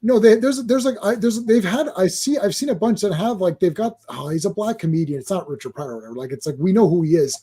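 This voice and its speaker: A man's voice: sits high, lively intonation, fast, few pauses, dark tone, slightly rough. A man hosting a casual comic book stream, chatting in a rambling way with lots of restarts and laughter. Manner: rambling, laughing, trailing off mid-thought. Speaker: podcast host. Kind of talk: casual chat.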